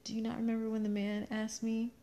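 A pregnant woman co-hosting a casual chat, telling animated stories and laughing often. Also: fairly high pitch, fast, a little hiss or hum. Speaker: podcast co-host.

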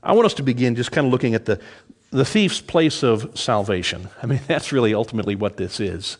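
A middle-aged man preaching a sermon, lively in delivery, dropping low and soft when quoting scripture. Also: brisk. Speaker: pastor.

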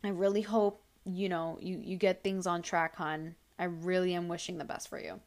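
A woman's voice: lowish voice, little pitch movement, moderate pace, a little mellow. Young woman, podcast host, casual advice talk, blunt, emphatic, swears a lot. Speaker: podcast host answering listener questions.

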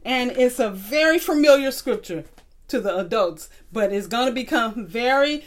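A woman's voice: a little high, expressive. A woman teaching a children's Bible lesson in a patient way, asking the class to repeat verses after her. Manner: slow, patient, call-and-response teaching. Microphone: recorded tape.

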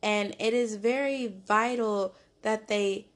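A woman's voice: medium pitch, fairly even intonation, takes it slowly. A woman reading Bible verses aloud and then explaining them in a loose, conversational way. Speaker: Bible teacher. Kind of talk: casual Bible study talk.

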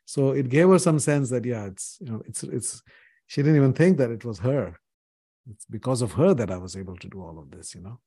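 This podcast guest, an Indian man in his sixties, earnestly shares personal stories in a reflective interview, with frequent "you know"s. He sounds expressive and fairly quick, his mid-range voice warm and husky, recorded in a clean studio with no room sound.

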